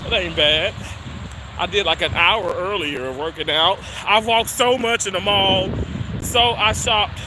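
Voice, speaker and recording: Against a noisy background, a man with a high voice talks at a measured pace during a casual walking livestream on a snowy street. He laughs a lot and is slightly winded from heading uphill while addressing viewers.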